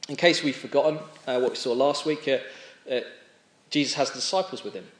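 Conversational male preacher in an echoey room. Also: mid-range voice. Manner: conversational, with frequent restarts and pauses. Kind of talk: sermon.

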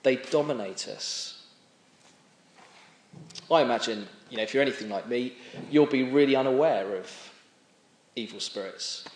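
A man's voice: medium pitch, a little hiss or hum. A man preaching a sermon in a conversational way, stopping and restarting as he explains a passage. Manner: conversational, with frequent restarts and pauses. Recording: echoey room.

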